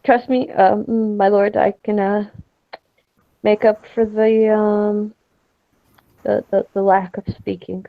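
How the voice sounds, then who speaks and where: A woman's voice: medium pitch, flat delivery, slow pace, pauses often. A woman voicing a chatty, cheerful female boggin in a tabletop role-play, with a bubbly, rambling manner. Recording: lo-fi muffled mic.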